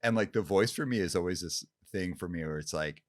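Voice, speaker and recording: A man hosting a podcast in casual conversation, relaxed and laughing along with his guest. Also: low-pitched, fairly quick, no room sound, studio quality. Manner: relaxed, laughs along, uses slang like "dude". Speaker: podcast host.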